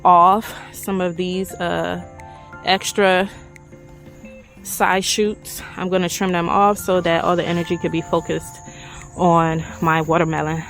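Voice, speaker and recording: A woman chatting excitedly to her viewers as she walks through her backyard garden. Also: fairly low pitch, a little slow, soft background music, low-quality recording. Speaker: garden vlogger. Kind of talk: casual garden vlog.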